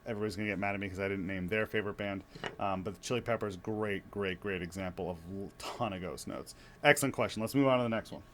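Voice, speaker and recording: A man who is a father of young children, teaching drums in a relaxed, chatty way with many fillers and restarts. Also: lowish voice, quick pace. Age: young adult to middle-aged, father of young kids. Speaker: drum teacher. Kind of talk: casual spoken drum lesson.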